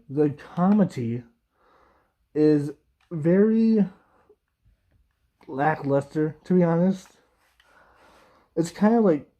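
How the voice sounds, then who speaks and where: A young man, a video reviewer, gives a casual, rambling review in a warm, fairly high voice, with the highs cut off in the recording. He uses lots of fillers, laughs a little, and mocks quoted voices.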